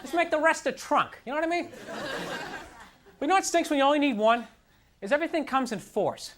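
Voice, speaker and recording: Speaking in a very high, animated voice at a brisk pace, a comedian delivers a self-deprecating, exasperated set full of "like" and "you know." It's a live comedy club recording with a noisy background and crowd laughter.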